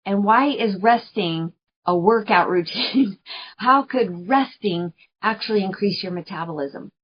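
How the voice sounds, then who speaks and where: A woman's voice: medium pitch, a little slow, breathy edge. A woman hosting a podcast, talking earnestly in a chatty coaching monologue, laughing often and repeating phrases for emphasis. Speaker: podcast host. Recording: dull lo-fi recording.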